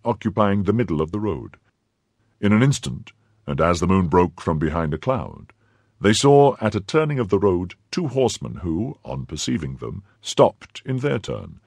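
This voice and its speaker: A male audiobook narrator with a very deep, husky voice. His expressive reading rises and falls widely through each sentence. The sound is close and dry. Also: dry recording. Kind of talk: scripted narration.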